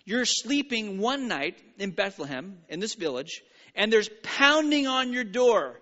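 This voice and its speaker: A man preaching a sermon, animated and playful with frequent stumbling restarts, in an echoing church hall. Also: sits high, unhurried. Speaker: pastor. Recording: reverberant hall, dull sound.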